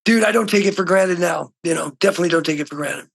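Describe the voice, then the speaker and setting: A middle-aged man from Oregon speaks as an interview guest, his voice pitched very high, bright and husky. He tells stories excitably, jumping from loud outbursts to quiet, hushed stretches. He is heard over a phone call. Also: quick pace. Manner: excitable storyteller, swings from shouting to hushed. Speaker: guest musician. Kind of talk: casual interview chat.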